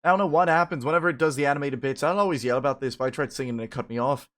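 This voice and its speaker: A man's voice: mid-range voice, racing, a bit bright. A man in casual gameplay commentary, muttering to himself with swearing and wry asides in a loose put-on Irish-Scottish lilt. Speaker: let's play host.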